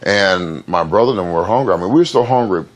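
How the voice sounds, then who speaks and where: A man in an interview, speaking plainly and haltingly about his past, with many fillers and repeated words. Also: low voice, expressive. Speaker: interview guest. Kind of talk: candid interview storytelling.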